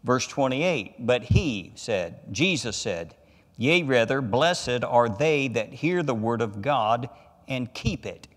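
A man, a pastor, teaching a Bible study sermon, reading scripture deliberately and rising in emphasis on key words. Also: mid-range voice, lively intonation, fairly bright tone, long reverb tail. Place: church sanctuary.

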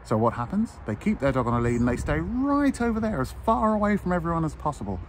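A man's voice: a little high, sing-song, fast talker, slight background noise. A man talking as a dog trainer, giving blunt, lecturing advice straight to camera and briefly mimicking other owners in a raised voice. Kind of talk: direct-to-camera advice talk.

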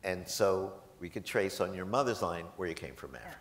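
Male professor, gala storyteller, slightly low voice, animated and self-mocking, echoey hall sound. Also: a little fast. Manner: animated, self-deprecating, laughs often. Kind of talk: storytelling anecdotes to a live audience. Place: large event hall.

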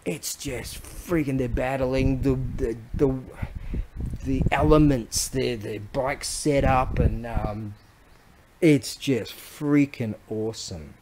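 An Australian man chatting in a loose, slangy ramble, full of restarts, with bursts of excitement. His mid-pitched voice comes over a home recording with clear background noise and clicks. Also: slow. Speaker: online seller showing items. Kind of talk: casual rambling show-and-tell.

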